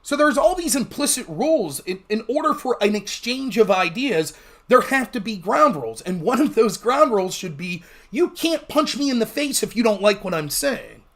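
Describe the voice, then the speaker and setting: Livestream host, male, high-pitched, rapid and blunt, swears freely. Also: big pitch swings, fairly bright tone. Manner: fast-talking, blunt and profane. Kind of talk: casual livestream commentary.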